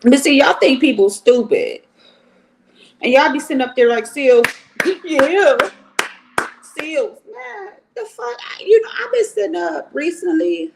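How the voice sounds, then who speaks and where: A woman's voice: sits high, moderate pace, vocal fry, noisy background. A middle-aged woman from Cleveland, ranting bluntly and profanely on a casual livestream. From Cleveland, Ohio. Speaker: livestream host.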